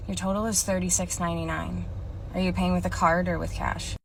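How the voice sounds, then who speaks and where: A young woman telling comedic storytime skits about retail work, deadpan and sarcastic. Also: fairly low pitch, quick pace, slight background noise. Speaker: comedy creator, former store cashier.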